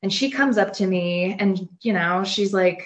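Her voice is mid-range at a measured pace, with slight background noise behind it. She's a New Yorker being interviewed, recounting a casual anecdote in a chatty manner, peppered with fillers and laughing into what she says.

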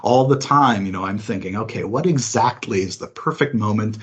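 Low, husky-voiced man telling a story. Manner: earnest, a little halting with fillers. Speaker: interview guest. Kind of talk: casual storytelling.

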